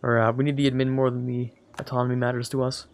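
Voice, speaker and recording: Gravelly man rambling over a strategy game. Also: mid-range voice, little pitch movement, fast talker. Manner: rambling, self-correcting, jokey asides. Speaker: let's play host. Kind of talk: casual gameplay commentary.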